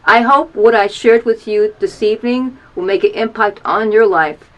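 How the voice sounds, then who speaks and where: A woman in her fifties gives an earnest personal testimony to camera in a small video booth. She urges listeners with repeated calls to action and is openly emotional, her voice sinking low at times. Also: moderate pace, a bit bright, rough recording. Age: 50s. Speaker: storyteller sharing an HIV testimony.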